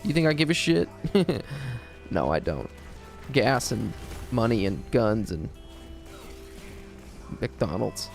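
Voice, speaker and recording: A man's voice: lowish voice, very animated, slow pace, creaky, long pauses, faint music behind. A man from the United States streaming live and rambling through a profane, joking story. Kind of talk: casual storytelling.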